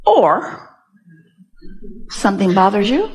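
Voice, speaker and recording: A woman's voice: medium pitch, very animated, moderate pace, pauses often, darkish tone, husky. Emphatic woman teaching at a live seminar. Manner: emphatic, repeats phrases and asks rhetorical questions. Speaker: spiritual teacher at a workshop. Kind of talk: live seminar talk to an audience member.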